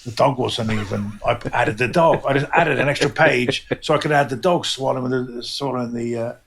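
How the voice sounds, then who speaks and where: A man's voice: mid-range voice, fairly quick, fairly bright tone, a little hiss or hum. A middle-aged man with an English accent, a comic book artist talking loosely and animatedly in an interview, swearing freely and sometimes mimicking voices. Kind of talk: casual interview chat.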